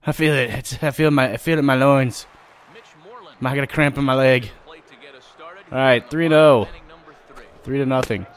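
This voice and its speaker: Male let's-play host, mid-pitched, brash and profane, reacts loudly to each play. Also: moderate pace, long pauses. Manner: loud, vulgar, excitable banter. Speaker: gaming channel host.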